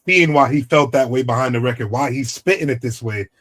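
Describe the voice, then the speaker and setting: A man co-hosts a radio show in a relaxed, slangy way. He is recorded close and dry, with a mid-range voice. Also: medium pitch, a little fast, no echo. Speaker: radio co-host. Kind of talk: casual radio chat.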